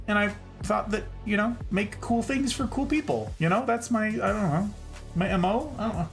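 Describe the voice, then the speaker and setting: A man chatting casually on a live stream, effusive and quick to laugh as he greets his viewers. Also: high-pitched, a bit bright.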